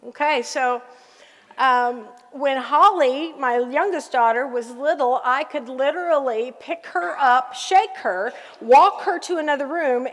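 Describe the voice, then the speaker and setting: A middle-aged woman pastor preaching a sermon, telling family stories with lively asides to the congregation. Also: high voice, long reverb tail.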